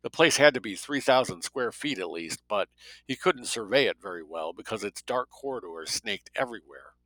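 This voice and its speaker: Man narrating with a sharp, low voice. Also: lively intonation, normal speed, no echo, low-quality recording. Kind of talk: audiobook narration.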